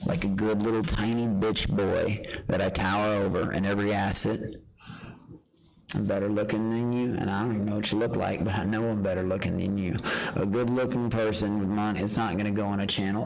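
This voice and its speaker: Brash male streamer, lowish voice, boastful, profane, rambling live rant. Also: steady tone, moderate pace, gravelly, rough recording. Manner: boastful, profane trash talk; rambling with restarts. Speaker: livestreamer.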